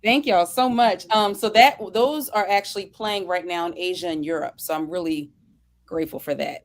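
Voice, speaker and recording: Casting note: woman voice actor, guest on a chat podcast, earnest and grateful, slightly low voice, quick bursts. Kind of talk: casual chat. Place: home studio setup for voiceover work.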